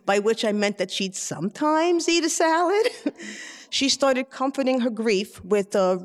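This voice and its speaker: A woman from the Bronx telling a personal story to a live audience, chatty and animated, acting out her family members' voices. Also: mid-range voice, in a large hall. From the Bronx, New York City.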